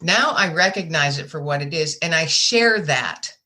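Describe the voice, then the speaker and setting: A woman's voice: low voice, animated, moderate pace, pushed and bright. A woman being interviewed as an author on a podcast, speaking plainly and candidly in a folksy way. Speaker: guest author.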